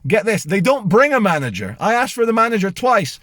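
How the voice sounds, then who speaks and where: A middle-aged man from Britain tells a story to camera with mounting indignation and heavy sarcasm. His voice sits high for a man. The sound is dry and close, with no room around it. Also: big pitch swings, brisk, a bit bright, no room sound. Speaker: vlogger. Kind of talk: casual storytelling rant to camera.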